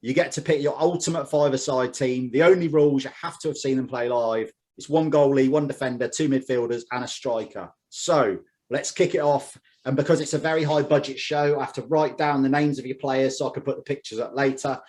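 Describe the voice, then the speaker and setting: A man's voice: mid-range voice, a little fast, few pauses. Joking podcast host, Scottish-born man. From Scotland. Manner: relaxed, joking. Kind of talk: casual interview.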